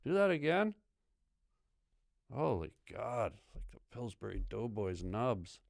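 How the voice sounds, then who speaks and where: A man's voice: on the low side, very animated, slow pace, vocal fry, dry recording, studio quality. A man, a guest comedian, trading improvised comedic banter full of goofy, absurd insults and rambling fillers.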